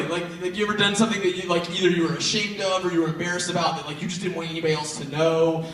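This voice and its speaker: A young man giving a youth sermon to students, telling a funny childhood story and jumping into loud, high voices for the kids in it. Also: racing, slight background noise. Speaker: youth pastor. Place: large church auditorium. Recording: very echoey hall, mic at a distance.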